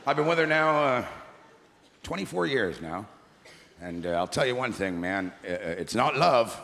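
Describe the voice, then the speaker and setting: A middle-aged man doing stand-up comedy on a large theatre stage, gruff and ranting with deadpan asides. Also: medium pitch, normal speed, background noise. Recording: echoey theatre with loud laughing crowd.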